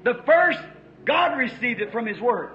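A man preaching with fervor in an old-time revival style, telling folksy stories and building up to shouts, in a church hall. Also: very high-pitched, expressive, a little slow, slight background noise. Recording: dull, echoey 1950s sermon tape.

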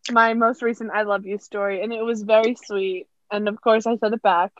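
Telling lively stories on a podcast she co-hosts, a young woman talks in a chatty, filler-heavy way. She speaks fairly quickly at a medium pitch, in a dull, dry lo-fi recording without echo.

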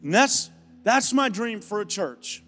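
Male pastor, higher voice, playful animated sermon, reverberant hall with faint music. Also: measured pace. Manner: animated, storytelling with playful asides. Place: church sanctuary. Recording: live church hall with music.

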